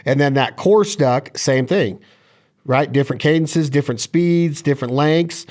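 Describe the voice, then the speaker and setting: Host, rambling questioner, slightly high-pitched man. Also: a little slow, a little mellow. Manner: curious, asks long rambling questions. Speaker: show host. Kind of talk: interview questions.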